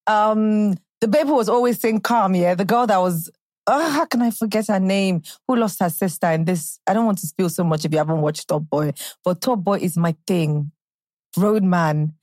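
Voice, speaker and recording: A young Nigerian woman hosting a podcast in a chatty, animated way, now and then slipping into British slang. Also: mid-range voice, moderate pace, no echo, studio quality. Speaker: podcast host. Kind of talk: casual solo podcast chat.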